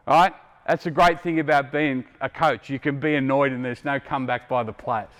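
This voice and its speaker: Middle-aged Australian male basketball coach, fairly high voice, blunt and wry, echoey gym. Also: normal speed, a bit bright. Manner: quizzing players, blunt and joking. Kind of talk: on-court coaching clinic. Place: indoor basketball court. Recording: long hall reverb from a gym.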